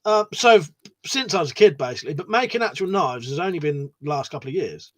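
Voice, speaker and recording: A man hosts a relaxed livestream, answering his viewers like old mates and swearing without a second thought. His voice sits a little high for a man and bounces up and down a lot as he talks. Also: fast talker. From United Kingdom. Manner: chatty and matey, swears freely. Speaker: livestream host. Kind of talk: casual chat, reading viewer messages aloud.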